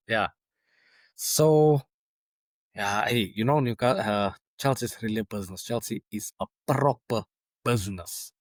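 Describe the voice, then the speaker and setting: A man's voice: lowish voice, unhurried, no room sound. A man hosting a football podcast in a casual monologue, chatty and exasperated, stumbling over names.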